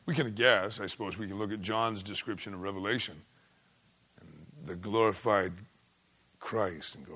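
A man preaching a sermon in a folksy way, swinging between loud exclaiming and hushed asides. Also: fairly low pitch, normal speed, slightly rough. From United States.

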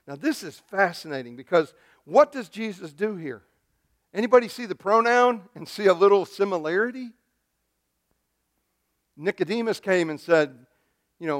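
A pastor preaching a sermon, swinging from hushed, near-whispered lines to loud, emphatic ones. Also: male voice, on the high side, lively intonation, normal speed, long pauses.

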